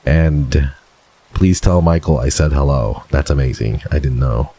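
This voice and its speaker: A male streamer with a very low, dark, husky voice, reading viewer submissions in a loose, casual chat. He is playful and dramatic and swears offhandedly. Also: a little slow, no room sound.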